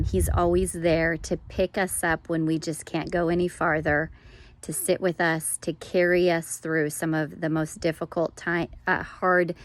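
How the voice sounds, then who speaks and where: A middle-aged woman sharing an informal devotional word, gentle and conversational, with frequent fillers. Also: low-pitched. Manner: warm, gentle, conversational, with fillers and soft laughs. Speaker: speaker sharing a prophetic word.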